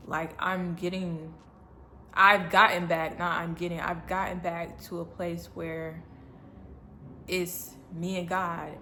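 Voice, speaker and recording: A woman's voice: lowish voice, flat delivery, takes it slowly, a bit bright, slight background noise. A woman telling an emotional personal faith story to her viewers in an earnest, repetitive way. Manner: earnest, repetitive, breaks into tears and laughs. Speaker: faith vlogger.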